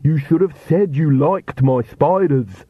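A man's voice: medium pitch, animated, a little slow, breathy edge, no room sound, phone-quality sound. A man voicing an eager male servant who answers in an earnest, matter-of-fact way.

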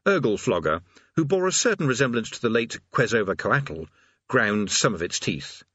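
A man's voice: medium pitch, sing-song, normal speed, a bit bright, husky, no echo, dull audio. A man narrating a comic fantasy audiobook in a dry, wry storytelling manner.

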